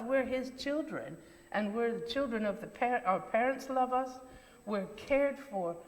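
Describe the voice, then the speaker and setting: Leading the children's talk at a church service, a woman with a higher, darkish-toned voice asks the kids questions and encourages them simply. The recording carries the reverberation of the church interior.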